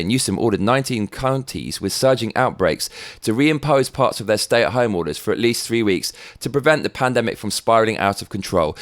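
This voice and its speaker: A man's voice: medium pitch, dry recording, studio quality. A man hosting a show, ranting in angry, profane political commentary and mocking what he reads out. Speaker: host.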